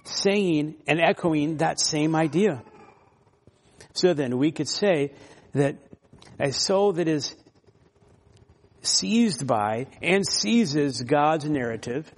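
A man preaching an expository sermon, teaching verse by verse and slowing down to stress key words. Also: fairly high pitch, big-room sound.

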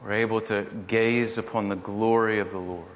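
A middle-aged man preaching a sermon, telling family stories in an earnest, gently humorous way. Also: lowish voice, fairly even intonation, moderate pace. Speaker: pastor. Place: church hall. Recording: echoey hall from far off, faint noise.

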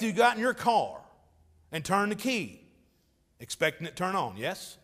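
High-voiced preacher in a reverberant church. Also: male voice, very animated, moderate pace, long pauses, fairly bright tone. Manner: emphatic preaching with swells in volume, reads scripture aloud. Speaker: pastor. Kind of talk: sermon. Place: church sanctuary.

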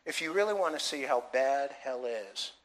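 A man's voice: medium pitch, expressive, normal speed, a bit bright. A man preaching a sermon in a church, emphatic, with many rhetorical questions to the congregation. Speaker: pastor.

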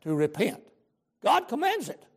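Preacher guy, high gravelly voice, swoops all over the place, real fired up and repeats himself. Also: wildly swooping pitch, unhurried. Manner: fervent, emphatic repetitions, folksy grammar. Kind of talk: sermon.

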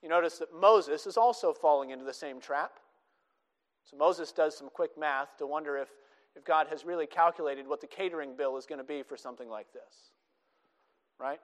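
High-pitched guy preaching, reading out scripture with big emphasis, echoey hall. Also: normal speed. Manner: expository preaching, quoting scripture with emphatic rises. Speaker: pastor. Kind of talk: sermon.

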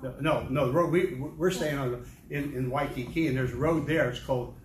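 A man's voice: medium pitch, moderate pace, a crowd in the background. An older American man giving a rambling, humorous church testimony as a missionary, with many restarts and chuckles. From United States. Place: large church hall. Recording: echoey hall, distant mic, ambient noise.

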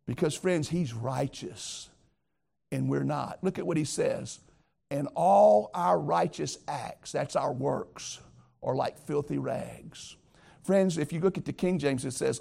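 Man, pastor preaching, emphatic, raspy gravelly voice. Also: on the high side, a little mellow. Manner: earnest, emphatic preaching that addresses listeners directly. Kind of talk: sermon.

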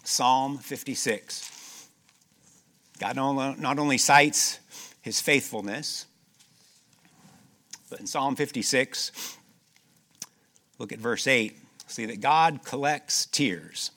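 Preaching in a mid-range voice, a man moves between booming emphasis and quiet, slowed-down moments, repeating his key phrases and asking the congregation rhetorical questions.

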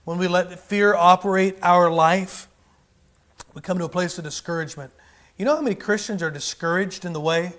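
A man's voice: high voice, fairly bright tone. A man preaching a sermon with fervor, often rising and then dropping his volume. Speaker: pastor.

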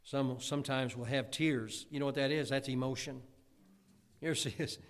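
A man preaching a sermon in a folksy, animated way, acting out quotes from his congregation. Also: mid-range voice, moderate pace. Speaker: pastor. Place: church sanctuary. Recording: long church reverb.

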